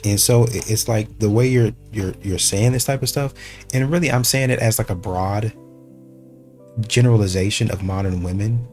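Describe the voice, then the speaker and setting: A man hosting a reaction channel, commenting on clips in a measured, argumentative way. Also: on the low side, a little mellow, faint music behind.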